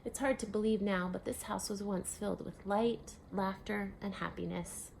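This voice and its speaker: A woman's voice: mid-range voice, steady tone, moderate pace, vocal fry, a little hiss or hum, lightly acted, low-quality recording. A woman doing a chatty kindly old-house maid. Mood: wistful. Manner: chatty, homely and warm-hearted. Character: kindly talkative maid, middle-aged.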